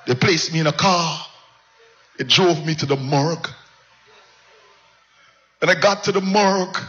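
A male pastor delivers a slow, deliberate sermon, rising from a hush to soaring, anguished cries. His voice is bright and sits a little high. The recording has a dull, lo-fi sound. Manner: impassioned preacher, swinging from low hush to high cries.

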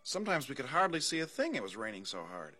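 A man's voice: medium pitch, very animated, fast, bright, forceful tone, husky, full character voice. An actor playing an earnest teenage schoolboy on a band trip, fussing over his dog in an old-time radio drama. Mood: narrating. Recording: radio drama with music behind.

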